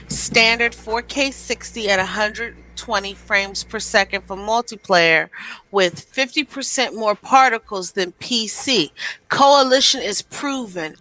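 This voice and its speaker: A woman co-hosting a gaming podcast, briskly reading viewer messages aloud. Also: medium pitch, bright, forceful tone, low-quality recording. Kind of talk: casual gaming podcast chat.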